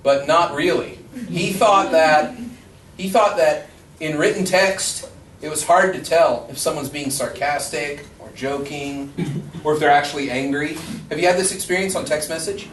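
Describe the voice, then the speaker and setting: A man's voice: a little high, normal speed, fairly bright tone. A male rhetoric professor giving a casual, joking classroom lecture, acting out quoted voices as he talks. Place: lecture room. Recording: roomy echo, far from the mic, faint noise.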